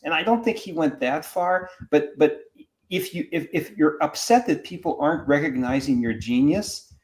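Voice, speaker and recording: A man, a professor, talking as a podcast guest in a casual, animated way, often restarting his sentences. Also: a little high, moderate pace. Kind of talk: casual discussion.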